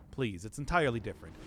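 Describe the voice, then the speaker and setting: Lively, groggy-voiced man streaming a game. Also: mid-range voice. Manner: rambling, laughs often, self-mocking. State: groggy from not talking all day. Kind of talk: casual gameplay commentary.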